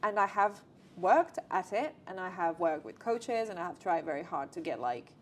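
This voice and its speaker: A woman chats as a guest about her acting work. She talks in an animated, restless way, starting sentences over and over. A faint low rumble hums behind her. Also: moderate pace. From Latin America. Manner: animated, many restarts and "like". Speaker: guest, actress and writer. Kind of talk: casual conversation. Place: theatre.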